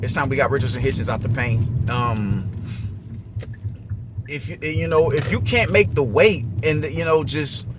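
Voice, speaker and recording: A man's voice: medium pitch, measured pace, background noise. A young man giving a casual, profane, slang-heavy commentary rant about boxing. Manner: profane, slangy, restless and repetitive.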